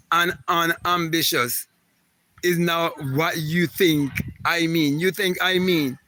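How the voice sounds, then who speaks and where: A man's voice: fairly high pitch, pushed and bright, no echo. A man hosting a spiritual talk, reading viewer comments and answering them in an emphatic, repetitive, preachy way.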